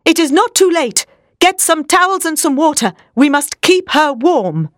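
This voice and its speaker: A woman voicing a stern, urgent elderly male professor in a storybook reading, giving orders forcefully. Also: fairly high pitch, lively intonation, normal speed, no room sound, clean studio sound, close to an everyday voice. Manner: commanding, forceful.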